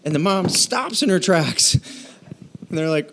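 A man preaching a sermon, telling stories and acting out quoted voices, with halting restarts between phrases. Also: a little high. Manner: storytelling with animated quoted voices. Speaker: pastor.

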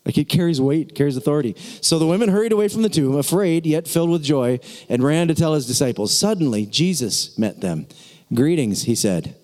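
A man preaching a sermon as a pastor, excitable and jokey, breaking into laughs and conversational asides. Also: a little high, fairly quick, hardly any pauses, in a large hall.

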